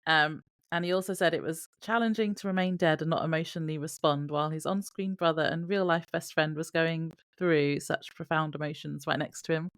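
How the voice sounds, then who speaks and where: A woman's voice: low-pitched, steady tone, a little fast, few pauses, no echo, clean studio sound. A woman co-hosting a podcast, casually sharing behind-the-scenes trivia and laughing often. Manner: laughs often, reads facts from notes. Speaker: podcast co-host.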